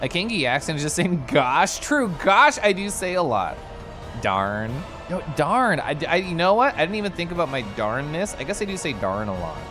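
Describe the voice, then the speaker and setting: A man's voice: on the high side, very animated, fast, hardly any pauses, over music. A man streaming live, chatting casually and playfully with his chat, often laughing and making silly noises.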